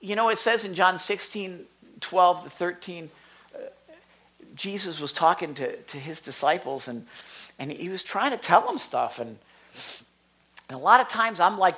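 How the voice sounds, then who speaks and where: A man teaching from the Bible in a conversational sermon, earnest, swinging from loud rhetorical questions to hushed asides. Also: high-pitched, animated, moderate pace, long pauses.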